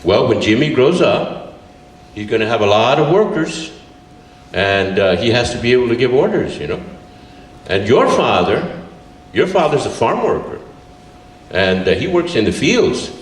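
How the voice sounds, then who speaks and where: A man's voice: medium pitch, very animated, moderate pace, long pauses, lightly acted. An older man quoting a stern young schoolteacher lecturing a boy, in a firm, matter-of-fact tone. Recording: roomy, distant live recording.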